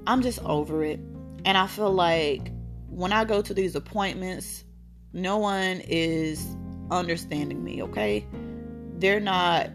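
Candid woman in her thirties telling her story. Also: lowish voice. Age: 30s. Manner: candid, emphatic, repeats phrases. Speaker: podcast host. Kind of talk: personal storytelling monologue. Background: guitar music.

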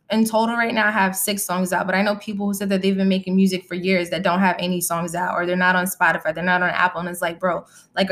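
A woman's voice: mid-range voice, a bit bright. Young adult woman, podcast host, blunt and candid, casual live chat.

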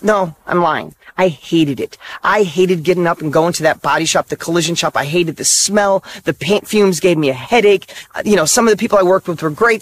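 Middle-aged male motivational speaker, fairly high voice, emphatic and punchy, talking straight to camera. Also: fairly bright tone. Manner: emphatic, punchy short repeated statements.

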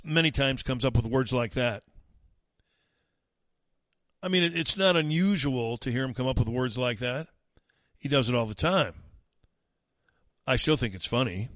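A man's voice: medium pitch, a bit bright, no echo, studio quality. A man hosting a talk show, giving sarcastic, mocking political commentary. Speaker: talk radio host.

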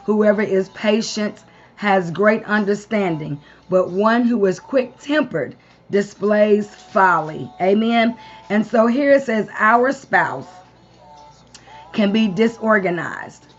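A woman's voice: mid-range voice, highs cut off. A woman preaching a Sunday morning devotion to a live-streamed audience, peppering her sermon with amens and long spoken lists.

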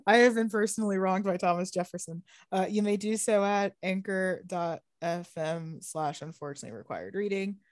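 A young woman co-hosting a podcast in casual chat, animated, swearing freely and laughing often. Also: medium pitch, moderate pace, few pauses, no room sound, clean studio sound. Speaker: podcast co-host.

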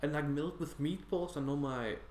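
A man's voice: fairly high pitch, darkish tone, reverberant, slight background noise. An Icelandic man co-hosting a podcast, chatting casually and teasing his partner. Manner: teasing, quick to judge. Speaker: podcast co-host. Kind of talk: casual chat.

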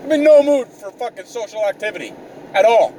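A man's voice: sits high, animated, brisk, warm tone. A young man ranting exasperatedly in a profane, comedic vlog, swearing constantly. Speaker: vlogger. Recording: mic a bit distant, faint car noise.

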